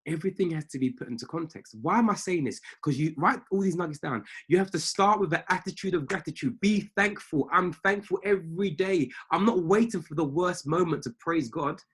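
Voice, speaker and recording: A man's voice: fairly high pitch, brisk, few pauses, fairly bright tone, slightly rough. A man coaching traders on a live call from a family home, preaching in an emphatic way and repeating his key phrases. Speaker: trading mindset coach.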